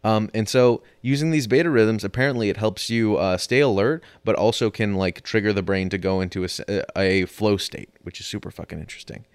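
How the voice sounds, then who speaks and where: A man's voice: fairly low pitch, fairly quick, few pauses, clear, resonant tone, dry recording, clean studio sound. A man co-hosting a podcast, explaining a topic in a rambling way with many fillers and the odd swear. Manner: explanatory, rambling with fillers, exasperated when interrupted. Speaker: podcast co-host presenting a topic. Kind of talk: casual podcast chat with swearing.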